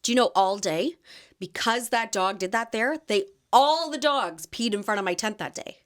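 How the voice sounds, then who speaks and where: A woman's voice: on the high side, moderate pace. A woman in her thirties hosting a podcast, chatting casually and animatedly about her weekend as a market vendor, with frequent fillers and laughs. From Canada. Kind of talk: casual chat.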